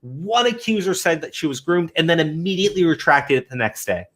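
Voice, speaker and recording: A man ranting in heated commentary chat, swearing often and mocking critics in high whiny voices. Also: expressive, a little fast, fairly bright tone. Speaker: commentary podcast co-host.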